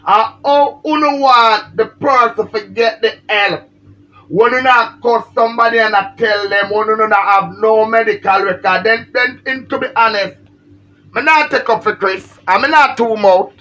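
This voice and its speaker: A woman's voice: a little high, normal speed, a bit bright, highs cut off. A woman with a Jamaican accent, feeling unwell, ranting and pleading on a livestream. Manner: emphatic, pleading, repetitive. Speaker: social media personality.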